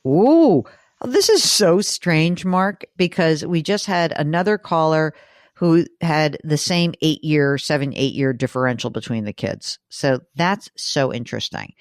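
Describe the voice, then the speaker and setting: A woman's voice: deep voice, animated, unhurried, no room sound, clean studio sound. A woman hosting a money call-in radio show, chatty and teasing with callers. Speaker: host.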